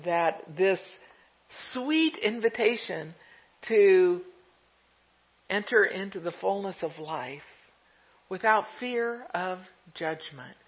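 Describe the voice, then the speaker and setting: A pastor preaching a gentle, reflective sermon, laughing softly now and then. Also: medium pitch, lively intonation, slow, long pauses. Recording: dull lo-fi recording.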